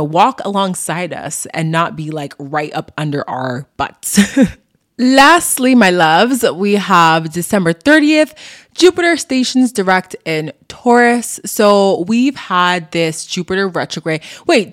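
A woman hosting an astrology podcast, talking through the month's forecast in a casual, chatty way with lots of fillers and the odd laugh at herself. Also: fairly low pitch.

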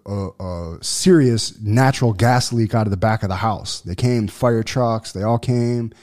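A man's voice: medium pitch, darkish tone. A man co-hosting a casual podcast, telling a story in a laid-back way and swearing often. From Buffalo, New York. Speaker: podcast co-host.

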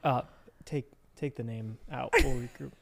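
A man's voice: medium pitch, fairly even intonation, unhurried, creaky. A man co-hosts a casual podcast chat. His delivery is playful and joking, full of light teasing toward his co-host.

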